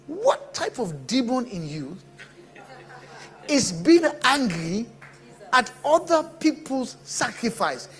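A man preaching a sermon, animated and bursting into shouts. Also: very high voice, slow pace, soft background music. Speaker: pastor.

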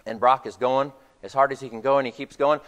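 A man's voice: mid-range voice, fairly even intonation, a little fast, long reverb tail. A man preaching a sermon to his congregation, retelling a film scene as a story. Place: church hall.

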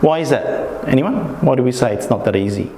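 Over a noisy crowd, a workshop presenter with a mid-range, expressive voice talks a little quickly. He's addressing a small group informally in a meetup room, often checking in with listeners and voicing his inner thoughts aloud. The recording carries a long, echoey reverb.

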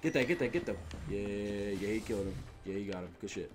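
Animated, slangy young gaming commentator. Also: male voice, on the low side, fast talker, background noise. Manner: animated, slangy, laughing storyteller. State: sniffly. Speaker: gaming video host. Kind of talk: rambling gameplay commentary. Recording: gunfire and clicks under voice. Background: in-game gunfire.

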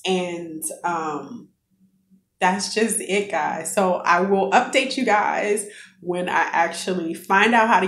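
A woman's voice: fairly low pitch, a bit bright. A middle-aged woman vlogging, sharing an earnest faith testimony and talking straight to her viewers. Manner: earnest, preachy, addresses viewers as guys. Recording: echoey room.

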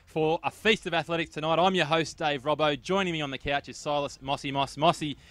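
A man's voice: a little high, fairly even intonation, a little fast, fairly bright tone, no echo. An Australian man hosting a live athletics stream in an upbeat announcer manner. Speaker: host.

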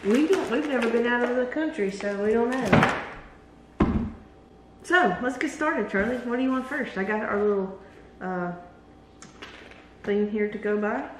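A woman's voice: a little high, unhurried, long pauses. A woman with a Southern American accent hosting a casual snack-tasting vlog in a chatty, bubbly way. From Southern United States. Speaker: channel host. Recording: roomy echo, distant mic, faint room noise.

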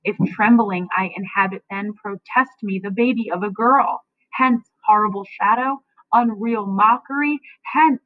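A woman teacher reading aloud as Macbeth, a haunted and frantic king, slowly and with a raised, louder voice. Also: lightly acted. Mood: raging. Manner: reads the verse slowly, rising in pitch and loudness. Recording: dry, tinny phone-like sound.

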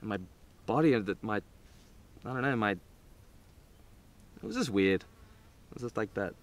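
A man's voice: fairly low pitch, moderate pace. A man telling a long personal story in a casual, rambling way, full of "like"s and laughter. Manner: animated, rambling, many "like"s and laughs. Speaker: vlogger telling a trip story.

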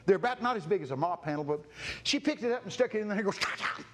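Casting: older male preacher, high and animated voice, folksy storyteller, noisy live church recording. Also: racing. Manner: folksy, acts out voices, laughs often. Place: church sanctuary.

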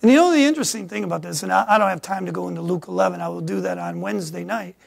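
A middle-aged pastor from Michigan, USA, preaches a sermon in a high, gravelly, rapid-fire voice. He swings from quiet asides up to loud, emphatic peaks.

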